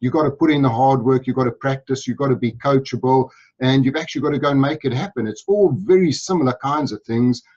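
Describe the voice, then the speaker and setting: South African man, energetic guest storyteller, mid pitch, dull lo-fi sound. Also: quick pace. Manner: upbeat, enthusiastic storytelling. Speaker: guest sales speaker. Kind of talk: interview.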